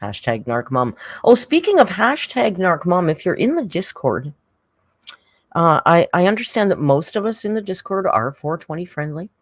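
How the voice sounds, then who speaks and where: Very animated and fairly bright, this mid-range voice moves at a moderate pace with no room sound. The livestreamer rambles casually, reading out viewer comments, thanking members and addressing a pet cat between them, laughing often and using plenty of filler words.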